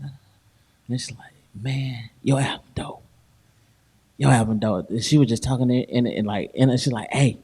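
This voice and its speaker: A man co-hosts a podcast in a relaxed, chatty way. His voice sits in an ordinary middle range as he tells stories, laughs a lot and drops into slang. His delivery stays loose and conversational. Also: medium pitch, measured pace, pauses often, breathy edge. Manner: animated storytelling, laughs often, slangy. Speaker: podcast host. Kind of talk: casual chat.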